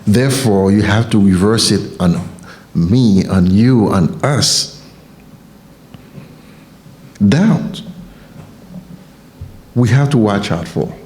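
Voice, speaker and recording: A man's voice: lowish voice, slow, pauses often, a little mellow. A man from Haiti with a Haitian accent, giving an emphatic motivational sermon and repeating key phrases for effect. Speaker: motivational speaker.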